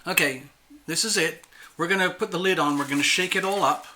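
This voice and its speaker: A chatty man hosting his own channel, talking straight to his viewers in a loose, playful way. His voice is strikingly bright and sits a little high for a man. He sounds a touch jittery as he keeps things light. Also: brisk, slight background noise. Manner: chatty, playful, self-admittedly nervous. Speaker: tarot channel host. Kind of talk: casual solo livestream talk.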